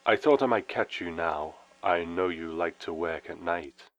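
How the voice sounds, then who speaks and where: A man voicing a warm, familiar male caller from beyond, speaking solemnly and wryly. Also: deep voice, unhurried, muffled recording. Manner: solemn, wry, intones.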